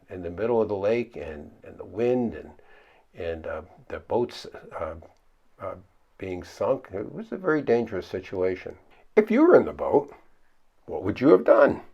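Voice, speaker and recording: A male pastor talks through his sermon in a low, gravelly voice that climbs and drops a great deal as he asks his listeners questions. He puts on high, pleading voices for the frightened disciples, and the recording sounds dull and lo-fi. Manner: conversational, asks the listeners questions and answers them himself.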